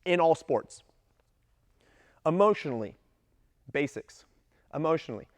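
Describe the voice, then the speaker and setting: A man coaching gymnastics coaches in a casual talk, lively and acting out what his athletes say. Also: on the high side, measured pace, dry recording, clean studio sound. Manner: animated, acts out athletes' voices in quotes.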